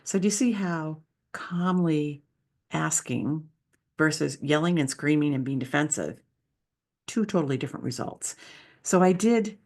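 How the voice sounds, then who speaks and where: Woman, gravelly, leadership speaker, slide presentation, enthusiastic, conversational. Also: deep voice, measured pace, a little mellow.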